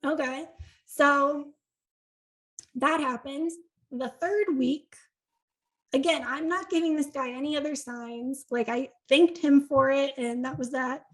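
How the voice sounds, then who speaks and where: A woman's voice: high-pitched, low-quality recording. A woman from Connecticut, a podcast guest, telling a story in a chatty way, often saying "like" and acting out what others said. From Connecticut, USA. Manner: chatty, animated, acts out quoted dialogue; frequent "like" and quick laughs. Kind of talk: casual storytelling in conversation.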